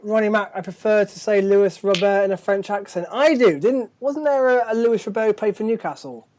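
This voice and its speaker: A man's voice: high voice, a little fast, a little mellow. Brief: male host, live sports chat, tired, rambling, stumbles on words.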